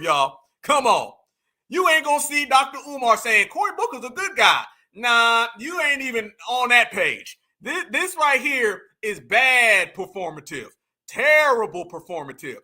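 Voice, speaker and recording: A man with a Southern US accent hosting a livestream, talking straight to his audience in animated casual commentary. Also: extremely high pitch. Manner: animated, addresses audience as fam and y'all. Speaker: livestream host.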